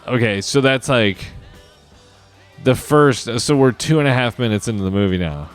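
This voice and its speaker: Hosting a comedy podcast solo, a man with a mid-range, smooth voice and lively intonation riffs at normal speed. He rambles and curses while inventing a movie plot on the spot, with soft music playing behind him.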